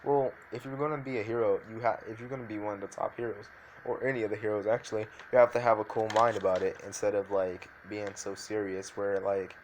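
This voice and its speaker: A man's voice: fairly low pitch, level tone, quick pace, slight background noise, close to an everyday voice, low-quality recording. A man reading a cheerful young hero. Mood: friendly.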